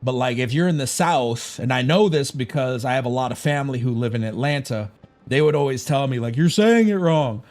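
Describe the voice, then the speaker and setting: Chicago guy on a gaming stream, rambly and cussing a lot, mid-pitched voice. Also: fairly quick, darkish tone, soft background music. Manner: rambling, profane and opinionated. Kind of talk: casual livestream chat.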